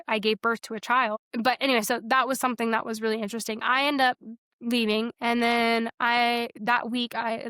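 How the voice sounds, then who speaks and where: Lively young woman telling her faith story. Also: fairly high pitch, smooth, dry recording, studio quality. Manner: animated, quotes herself and others in dialogue, frequent "like". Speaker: podcast guest sharing her testimony. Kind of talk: casual storytelling.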